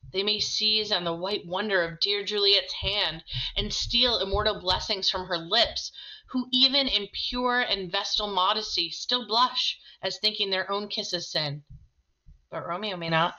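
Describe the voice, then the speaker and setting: A woman's voice: medium pitch, pushed and bright, lo-fi sound. A woman reading a desperate banished young lover. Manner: impassioned, anguished declaiming.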